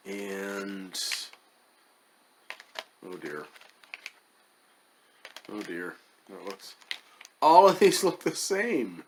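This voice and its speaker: A man's voice: on the low side, very animated, extremely slow, long pauses, slight background noise. A man casually reviewing chocolates as the host of his own channel, wry and hesitant, muttering as he tastes. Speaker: food reviewer.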